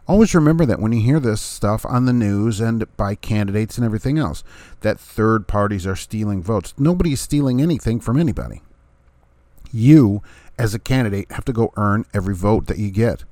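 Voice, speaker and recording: A man's voice: mid-range voice, mellow, dry recording. A middle-aged man talking through his opinions in a casual monologue, asking rhetorical questions, chuckling, and acting out what others say. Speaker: vlogger, former third-party candidate.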